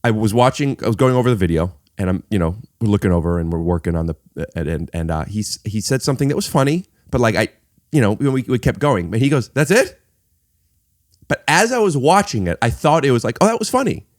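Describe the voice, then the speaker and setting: A man's voice: lowish voice, expressive, fast talker, no room sound, studio quality. A man hosting a podcast in casual chat, rambling and restarting his sentences with lots of fillers. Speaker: podcast host.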